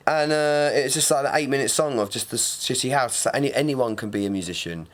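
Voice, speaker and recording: A man's voice: mid-range voice, expressive, brisk, fairly bright tone. A young man, co-hosting a podcast in casual, jokey chat, swearing freely and acting out the people in his stories. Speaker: podcast co-host.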